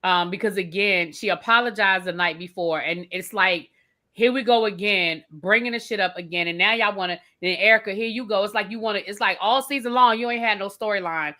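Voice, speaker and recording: A woman's voice: medium pitch, fairly quick, sharp tone. A woman co-hosting a casual recap chat, sassy and emphatic with plenty of cussing. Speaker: podcast co-host.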